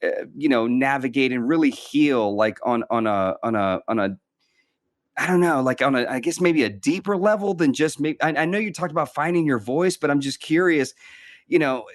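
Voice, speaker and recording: A man's voice: mid-range voice, expressive, normal speed, no echo, clean studio sound. Earnest rambling male interviewer. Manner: earnest, rambling, many fillers and restarts. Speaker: podcast host. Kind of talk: conversational interview.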